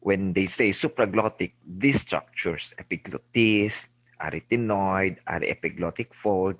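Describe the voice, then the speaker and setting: Filipino guy, middle-aged, lecturing med students, really low voice, dry close sound, keeps saying remember and okay. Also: a little slow, fairly bright tone, dry recording, poor audio. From Philippines. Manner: didactic, repeats key terms, frequent "okay?" and "remember". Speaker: lecturer, ENT surgeon. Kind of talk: recorded medical lecture.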